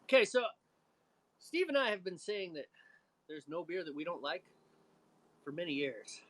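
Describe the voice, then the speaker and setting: Woman cohost on a homebrew livestream, laughs a lot, pitch jumps all over the place. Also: normal speed, slight background noise. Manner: animated, laughing, teasing. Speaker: homebrew show co-host. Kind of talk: casual live-stream chat.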